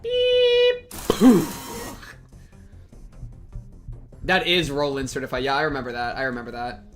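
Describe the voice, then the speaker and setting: A man's voice: mid-range voice, very fast, over music. A man streaming a game reading, rambling and joking in casual commentary. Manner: excitable, rambling, self-mocking.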